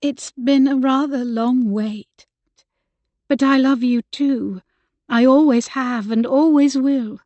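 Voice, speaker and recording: A woman's voice: fairly high pitch, lively intonation, slow pace, a little mellow, no room sound, dull audio. A woman voicing a young Regency lady in love, speaking shyly and a little tremulously. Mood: joyful. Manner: shy, tremulous.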